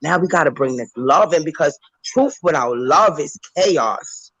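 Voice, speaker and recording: A woman calls into a talk panel and speaks emphatically, emotionally and close to tears, preaching and switching animatedly into character voices. Her voice is low and unhurried, and the sound is lo-fi.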